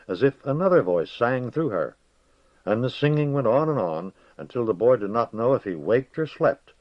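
A man reading a fantasy story aloud in a measured, steady way, his voice on the low side. The sound is dry and close, with a dull, lo-fi band. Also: no echo. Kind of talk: audiobook narration. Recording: dull lo-fi recording.

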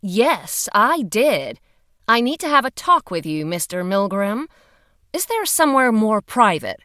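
A woman reading an audiobook, voicing a brisk, chatty female investigator who speaks eagerly and openly. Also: medium pitch, very animated, sharp tone, no room sound, clean studio sound, pitched above the performer's own voice. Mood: chatty, candid.

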